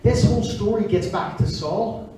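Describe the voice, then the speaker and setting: A man in his forties preaching a sermon, telling stories in an animated way. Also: sits high, moderate pace, slight background noise. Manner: animated storytelling, acting out voices. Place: church service. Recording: echoey church hall from far off.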